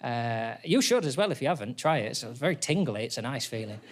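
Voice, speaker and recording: A man with a medium-pitched voice speaks fairly quickly over a noisy background, doing stand-up in a theatre. His routine is deadpan and self-deprecating with a wry edge, and the audience laughs along.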